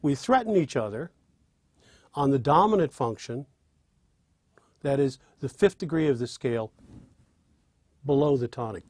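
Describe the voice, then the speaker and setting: A man teaching songwriting in a spoken lesson, demonstrating by speaking and singing lines in an animated way. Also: mid-range voice, measured pace, long pauses, no room sound. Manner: animated, with restarts. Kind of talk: spoken lesson with sung examples.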